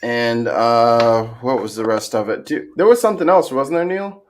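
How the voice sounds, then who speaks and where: A man's voice: medium pitch, normal speed, slight background noise. A man hosting a casual livestream chat over a video call, playful and goofy, laughing often as he runs a points game. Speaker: host.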